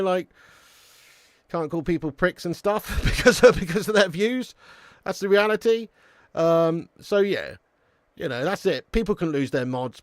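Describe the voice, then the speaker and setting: A man with a slightly high voice hosts a live football watch-along, answering chat with quick, excitable banter and plenty of laughter. The audio is dry and close-miked with no room sound.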